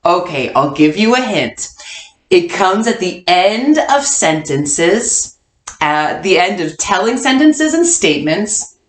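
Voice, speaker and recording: A woman teaching a kindergarten class online, coaxing answers with slow, sing-song hints. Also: on the low side, sing-song. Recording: echoey room.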